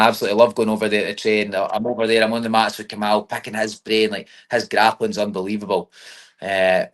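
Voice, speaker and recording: A young man from Scotland with a Scottish accent, a fighter chatting in an interview, filling his talk with "mate". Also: lowish voice. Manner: chatty, says mate and you know what I mean often. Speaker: MMA fighter. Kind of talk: casual interview.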